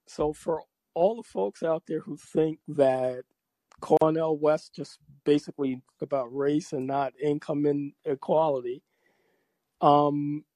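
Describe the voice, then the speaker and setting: A man calling in to a talk show, speaking in a relaxed, easygoing way. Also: a little high, no echo. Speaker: caller. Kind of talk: casual call-in chat.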